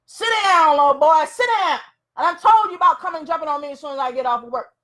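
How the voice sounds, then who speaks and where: A woman voicing a frustrated working husband who complains gruffly at his family. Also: extremely high pitch, fast, a bit bright. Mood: irritated.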